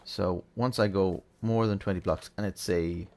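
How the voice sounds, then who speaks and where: A man hosting a relaxed, chatty game tutorial, thinking aloud as he plays. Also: low-pitched, normal speed. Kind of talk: casual gameplay tutorial.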